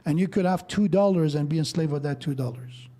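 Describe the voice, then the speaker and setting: Man preaching at a mosque, kinda high but mellow voice, walks thru verses and tells little stories. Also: a little fast. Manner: explains verses step by step, tells stories with quoted dialogue. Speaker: speaker at a mosque. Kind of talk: sermon.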